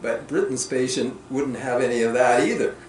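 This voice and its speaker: A man talks through clinical questions with the audience, thoughtful and unhurried, his voice often trailing off softly. He sits some distance from the microphone in a roomy meeting room with a faint background hiss. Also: mid-range voice. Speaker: author answering questions at a workshop. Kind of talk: reflective clinical discussion.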